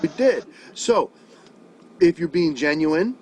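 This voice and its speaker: A man's voice: a little high, animated, unhurried, a little hiss or hum, rough recording. A man giving an online songwriting lesson over a video call, casual and profane, often checking that his student follows. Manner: casual, swears freely, checks understanding often. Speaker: music teacher.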